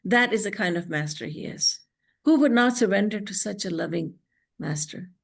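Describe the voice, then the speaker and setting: A woman spiritual teacher giving a devotional lecture over a video call, earnest and storytelling, slowing down to recite scripture verses. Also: medium pitch, expressive, vocal fry, breathy edge.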